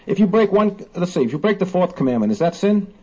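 Male host, animated and emphatic, a bit husky, muffled lo-fi sound. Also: high voice. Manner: animated, emphatic, quotes scripture slowly. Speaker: host of a Bible discussion. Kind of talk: casual religious discussion. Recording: dull lo-fi recording.

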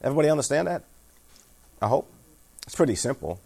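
A man's voice: mid-range voice, big pitch swings, quick pace, gravelly, darkish tone, slightly rough. A man giving a sermon, reading scripture aloud, explaining it in everyday words, and asking his listeners questions. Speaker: pastor.

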